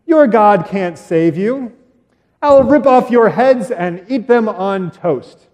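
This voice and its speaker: A man voicing a huge, boastful giant warrior who taunts loudly and laughs mockingly, told in a church sermon. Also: high voice, expressive, slow pace, in a large hall, voice pushed up. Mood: taunting.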